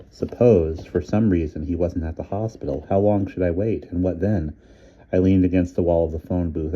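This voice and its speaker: A man reading a novel aloud in a measured, even narration. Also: sits low, highs cut off. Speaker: audiobook reader. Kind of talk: scripted narration.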